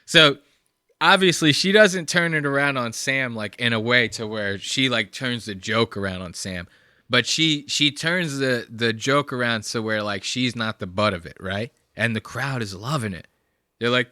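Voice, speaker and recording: Young guy reacting to clips, swears a ton, kinda high and rambly, bright voice, super dry close mic. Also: normal speed, no echo. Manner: loose, profane and rambling. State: high on marijuana. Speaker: reaction video host. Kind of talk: casual reaction commentary.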